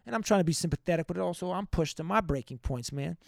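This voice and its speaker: A young man hosting a podcast, venting in a rambling, profane, casual monologue and giving shout-outs to listeners. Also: fairly high pitch, lively intonation, fast talker, vocal fry, no room sound, studio quality. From United States. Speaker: podcast host.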